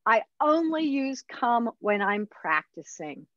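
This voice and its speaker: A woman's voice: fairly high pitch, sing-song, slow, a bit bright, no room sound, muffled recording. A woman dog trainer teaching a puppy class in a chatty, upbeat way. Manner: chatty, upbeat instructor who acts out dog voices.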